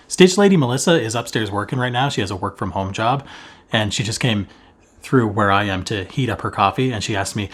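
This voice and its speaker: A man hosting a casual vlog at home, joking and talking fast in a theatrical, self-mocking way. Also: mid-range voice, big pitch swings. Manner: hammy, playful, fast-talking. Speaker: cross-stitch vlogger host. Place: at home, indoors. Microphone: camera facing him while seated.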